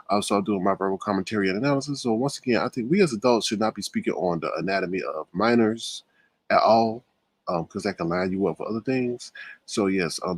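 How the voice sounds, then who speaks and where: A man hosting a casual livestream, lively and exclamatory, dropping to low mutters between points. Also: no echo. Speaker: livestream host.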